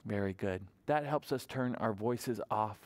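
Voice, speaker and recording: A man reading a picture book aloud at a library toddler storytime, in an animated sing-song way and often asking the children questions. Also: on the low side, a little slow. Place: public library storytime room.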